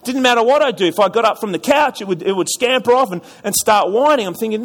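A man's voice: high-pitched, lively intonation, fast talker, hardly any pauses. A man preaching a sermon to a congregation, chatty and storytelling, often repeating words and asking the audience questions. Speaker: pastor. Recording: long hall reverb.

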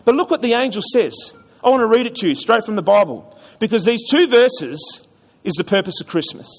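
A pastor with a high, animated voice preaches a sermon to his congregation, speaking a little fast. His delivery is chatty and story-driven, with frequent repeated words and questions put to the audience, and a long hall reverb colors the sound.

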